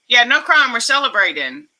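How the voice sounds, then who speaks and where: A woman with a high, bright, forceful voice hosts a casual livestream from home. She's emotional and upbeat and laughs often as she chats.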